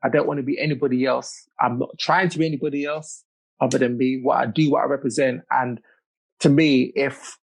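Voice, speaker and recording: A man's voice: medium pitch, steady tone, fairly quick, vocal fry, a little hiss or hum. A British man chatting as a podcast guest, laughing easily and restarting his sentences. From United Kingdom. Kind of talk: casual chat.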